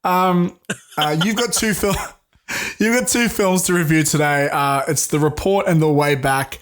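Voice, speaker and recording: A man's voice: a little high, unhurried, a bit bright. A man co-hosting a film podcast, talking in a rambling, jokey way with plenty of fillers. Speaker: podcast co-host. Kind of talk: casual film podcast chat.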